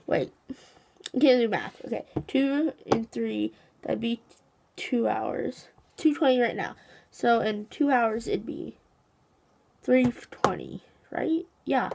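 A woman's voice: on the high side, takes it slowly, gravelly, darkish tone. Teen girl vlogging with a numb mouth. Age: teens. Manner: rambling, lots of fillers, counting aloud. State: mouth numb from dentist anesthetic. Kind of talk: casual vlog to camera.

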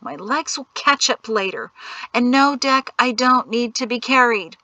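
A heavily pregnant woman, stubborn and tart, brushing off help with blunt, wry remarks, as a woman reads her in an audiobook. The voice is bright and close. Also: on the high side, expressive, a little slow, no room sound, voice pushed up. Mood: defiant.

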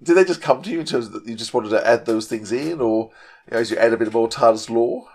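Fast-talking enthusiastic male podcast host. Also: medium pitch, a little mellow. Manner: enthusiastic, full of praise. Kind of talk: casual interview chat.

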